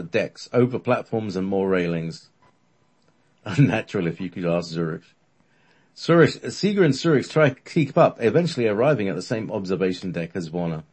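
A man with a low, husky voice tells a story offhandedly. He rambles, stumbles over words, and fills gaps with ums and uhs. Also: a little mellow. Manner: rambling, with many fillers and restarts. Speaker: podcast storyteller. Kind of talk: casual storytelling chat.

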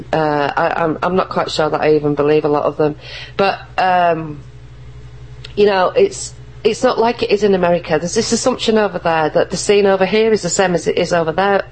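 Earnest low-voiced woman. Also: a little mellow, low-quality recording. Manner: earnest, emphatic, many restarts. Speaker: guest. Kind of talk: casual interview talk.

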